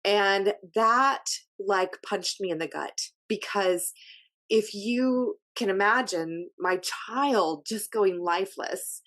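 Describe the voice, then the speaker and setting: A woman's voice: medium pitch, takes it slowly, fairly bright tone. A middle-aged woman talking as a guest on an interview show, speaking in a casual way with many fillers and restarts, over a video call. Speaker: podcast guest, health coach.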